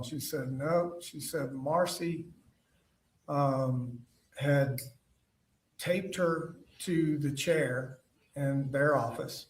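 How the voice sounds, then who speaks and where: Man testifying in an echoey courtroom. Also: mid-range voice. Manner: halting, with frequent fillers and restarts. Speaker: witness testifying at trial. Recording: echoey courtroom audio from far off.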